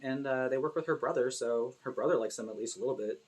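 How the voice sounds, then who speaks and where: A young woman casually recapping a movie with sarcastic, animated commentary and lots of fillers. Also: extremely low pitch, fast, slightly rough. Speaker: video essay host.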